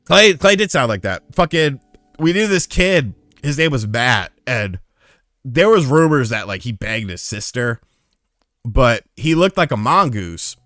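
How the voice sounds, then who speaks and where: A man's voice: medium pitch, unhurried, no echo, clean studio sound, faint music behind. A man streaming live, telling rambling, profane stories in casual chat. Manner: profane, rambling, animated storyteller. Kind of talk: casual storytelling on a livestream.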